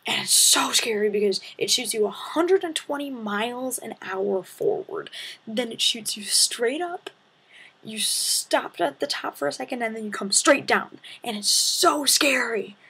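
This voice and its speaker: Breathy high-ish teen girl vlogging, super dramatic storytelling. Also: a little slow. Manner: animated, dramatic retelling with breathy asides. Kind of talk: casual storytelling to camera.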